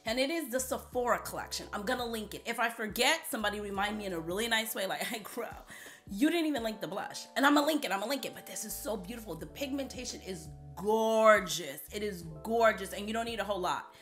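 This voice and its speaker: Bright chatty woman beauty vlogger. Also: medium pitch. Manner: chatty, playful, emphatic. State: scratchy voice. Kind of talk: casual chat to camera.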